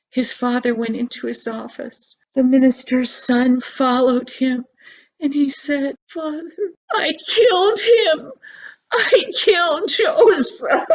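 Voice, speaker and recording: An older woman telling a children's story slowly and expressively, with dramatic pauses. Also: fairly high pitch, gravelly, lo-fi sound.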